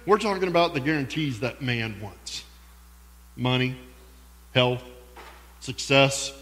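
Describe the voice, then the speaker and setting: Earnest preacher in an echoing hall. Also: male voice, medium pitch, expressive, a bit bright. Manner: earnest and heartfelt, with slow emphatic pauses. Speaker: pastor. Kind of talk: sermon. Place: church sanctuary. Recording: long echoey hall.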